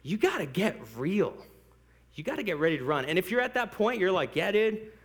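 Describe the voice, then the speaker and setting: Lively high-voiced joking male pastor. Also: fairly quick. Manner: animated and joking, laughs often; conversational, addresses the congregation directly. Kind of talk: sermon.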